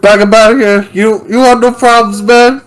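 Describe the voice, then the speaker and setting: A man doing a high, brash street thief. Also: steady tone, moderate pace, natural voice, low-quality recording. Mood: bluffing tough. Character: brash hungry small-time male thief.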